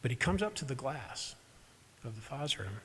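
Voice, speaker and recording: A man's voice: medium pitch, very animated, normal speed, a bit bright, slight background noise. A man preaching a sermon as pastor, telling a personal story conversationally with self-deprecating asides to the congregation. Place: church sanctuary during a live service. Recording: echoey church hall.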